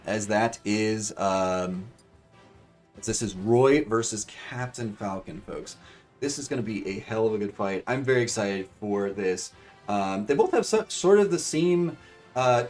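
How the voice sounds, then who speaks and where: A man casually commentating computer-controlled fighting game matches for viewers, rambling with fillers and bursting into excitement at big moves. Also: on the low side, distant mic. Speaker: streamer commentating AI fight bracket.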